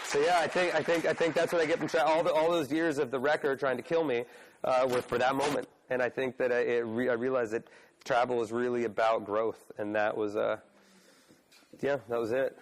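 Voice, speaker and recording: A man in his forties telling a long story in casual speech, animated and prone to swearing, with many fillers. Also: medium pitch, a little fast, some chatter behind, slight background noise. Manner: animated, swears, lots of "like" and "right?". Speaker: guest, pro BMX rider.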